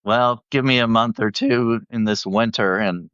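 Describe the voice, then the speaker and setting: A man's voice: medium pitch, fairly even intonation, unhurried, a bit bright, clear, resonant tone, dry recording. A man hosting a casual live chat, giving short, laid-back replies. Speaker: host. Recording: dull, lo-fi live stream audio.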